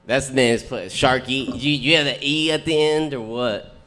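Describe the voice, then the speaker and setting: A man's voice: mid-range voice, moderate pace, fairly bright tone, soft background music. A man performing a stand-up set in a comedy club, telling crude stories with lots of swearing. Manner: profane, brash storytelling with crude punchlines.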